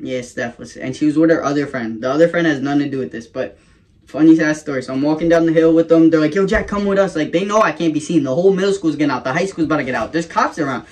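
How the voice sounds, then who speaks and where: Young man vlogger, casual storyteller, slightly high voice, swears freely. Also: fast. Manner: casual, profane, rambling with laughs.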